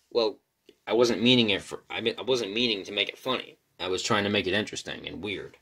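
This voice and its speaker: A man's voice: fairly low pitch, fast talker. A man delivering a rambling, profane rant to the mic, stammering and restarting often. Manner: rants, then calms into musing. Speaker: solo commentator.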